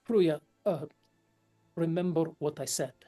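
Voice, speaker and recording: A woman's voice: sits low, a little slow, mellow, faint music behind. A woman voicing an indignant young nobleman who speaks curtly in a tabletop role-play.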